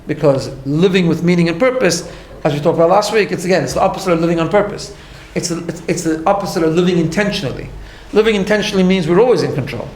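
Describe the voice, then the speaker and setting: A man's voice: on the high side, reverberant. A man teaching a class, explaining his ideas step by step and often checking in with "right?". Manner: earnest, explains step by step, tags lines with "right?". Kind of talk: recorded class lecture.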